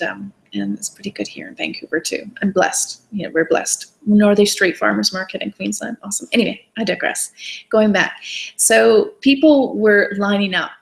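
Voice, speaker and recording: A woman's voice: mid-range voice, vocal fry, rough recording. A woman hosting a wellness challenge over a video call, telling stories in an enthusiastic, rambling way that often drifts off topic. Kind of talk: casual storytelling talk. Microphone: video call webcam.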